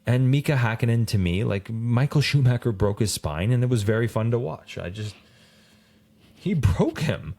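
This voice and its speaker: A man co-hosting a racing podcast in casual chat, rambling and animated, full of fillers. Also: mid-range voice, moderate pace. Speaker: podcast co-host.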